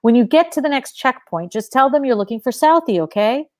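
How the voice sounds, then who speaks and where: A woman's voice: high-pitched, lively intonation, fairly quick, dry recording, clean studio sound, voice pushed up. Woman reading as an officious young army private. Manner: trying to sound official.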